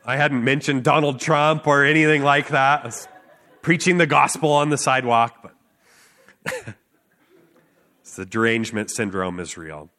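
A man preaching a sermon, telling a personal story with earnest emphasis, filler words and quick laughs. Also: mid-range voice, pushed and bright. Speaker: street preacher.

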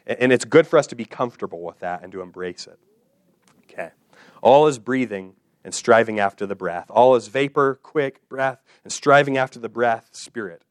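A man's voice: mid-range voice, normal speed, no room sound, clean studio sound. A man preaching in repeated, rhythmic phrases. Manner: repetitive, rhythmic phrasing that builds and settles. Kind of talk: expository sermon.

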